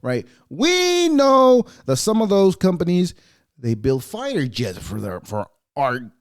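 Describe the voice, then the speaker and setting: A man's voice: high voice, huge pitch swings, slow. A man hosting a podcast, going off in a sarcastic, rambling, profane monologue. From United States. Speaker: podcast host. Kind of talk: casual opinionated monologue.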